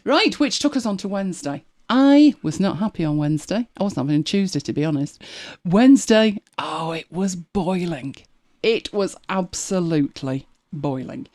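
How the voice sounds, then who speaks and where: A woman from Manchester, England, hosts a live podcast full of casual chat, wry everyday storytelling, and laughs, delivered chattily in an English accent. Her medium-pitched, darkish voice is expressive, moving at a moderate pace with few pauses.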